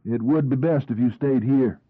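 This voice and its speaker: A brisk male police officer giving instructions, as a narrator plays him. The voice is husky and a little breathy. The recording is dry and tinny, with a narrow, phone-like sound. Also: medium pitch, no echo, pitched above the performer's own voice, close to an everyday voice. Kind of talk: audiobook narration.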